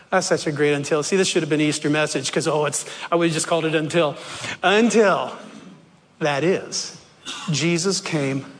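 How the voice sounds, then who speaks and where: Male pastor, unhurried sermon delivery, dramatic and wry, reverberant church hall. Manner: slow, dramatic, swings between loud emphasis and hushed low lines; jokey asides with chuckles.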